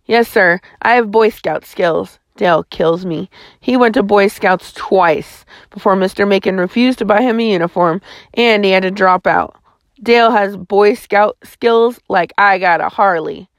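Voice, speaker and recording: A woman's voice: medium pitch, normal speed, dry recording. Woman reading a storybook aloud. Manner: steady first-person reading. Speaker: audiobook reader. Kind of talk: scripted storybook narration.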